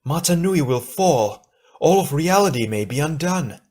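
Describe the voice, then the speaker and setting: A man's voice: on the high side, expressive, brisk, a little mellow, slightly rough, voice pushed up. A man voicing an earnest, urgent female hero in an audiobook. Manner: urgent, pleading.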